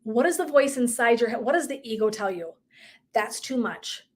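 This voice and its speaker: A woman wellness coach telling a personal story in a casual live talk, animated and often laughing. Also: fairly high pitch, quick pace.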